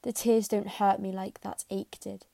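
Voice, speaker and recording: A woman's voice: medium pitch, little pitch movement, a little slow, vocal fry, dark tone, no room sound. A woman voicing a grieving young orphan girl.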